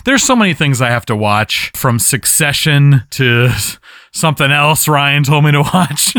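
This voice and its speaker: A man's voice: a little high, lively intonation, unhurried, sharp tone, no room sound. Laid-back man with a dry sound. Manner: laughs often, easygoing. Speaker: podcast co-host. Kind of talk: casual chat.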